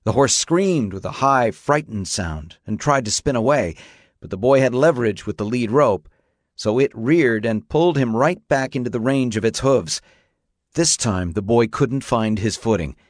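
A man narrating a story in a steady, measured audiobook reading. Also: medium pitch, no room sound, studio quality.

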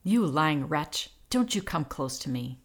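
A woman playing a furious wife, shrill, screaming insults. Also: animated, unhurried, husky, heavily acted. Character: furious shrill woman leaving her husband.

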